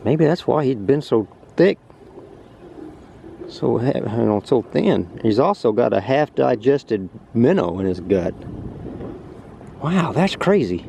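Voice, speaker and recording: A man fly fishing on a river, chatting to the camera and exclaiming excitedly over the fish he sees and catches. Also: medium pitch, takes it slowly, gravelly, pauses often, a little hiss or hum. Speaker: fishing vlogger. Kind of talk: casual outdoor narration while fly fishing. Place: on a river outdoors.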